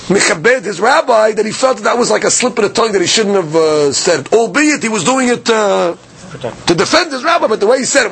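High-voiced man teaching Talmud. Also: a bit bright, slight background noise. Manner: explains Aramaic text line by line in English, asks "okay? right?". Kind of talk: daily Talmud class.

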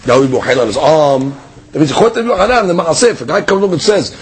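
Male Talmud teacher, husky, lively delivery, slightly high voice. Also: very fast. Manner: lively, conversational, switching between texts and plain explanation. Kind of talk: daily Talmud class.

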